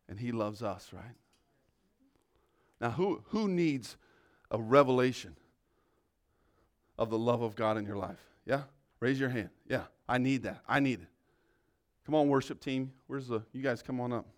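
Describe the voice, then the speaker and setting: A man preaching a sermon with fervor, often checking in with "right?", moving between loud exhortation and quiet prayer. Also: mid-range voice, unhurried, pauses often. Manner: peppers talk with "right?".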